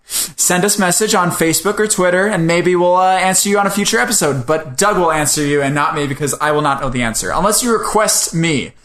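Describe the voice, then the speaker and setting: A man's voice: a little high, a bit bright. A man co-hosting a podcast in a casual chat, rambling and joking at his own expense. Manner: rambling, joking, self-deprecating. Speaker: podcast co-host. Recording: roomy echo.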